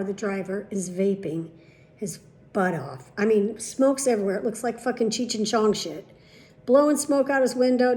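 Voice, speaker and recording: Woman vlogger, casual storytelling monologue, profane and exasperated, voices the people she quotes, slightly high voice. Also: dark tone.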